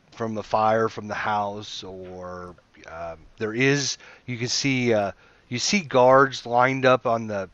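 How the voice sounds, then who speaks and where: A man with an average-pitched voice narrates a tabletop adventure as game master, meandering and correcting himself as he goes. He sounds close and dry, through a somewhat dull computer mic. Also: fairly bright tone, no echo. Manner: rambling, full of fillers, self-correcting. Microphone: computer mic over voice chat.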